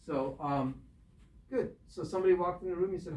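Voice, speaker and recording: A man guiding a student through a scene with patient, step-by-step directions, speaking through a mask. His voice is mellow and even. He sounds far from the mic in a roomy space. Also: high-pitched, fairly quick. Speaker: acting coach. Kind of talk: directing an acting exercise. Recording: roomy echo, distant mic.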